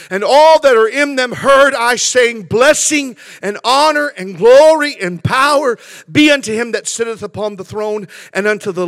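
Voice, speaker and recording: A man preaching a sermon as pastor, building from quiet reflection to passionate shouting with lots of repetition. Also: high voice, dry recording. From California.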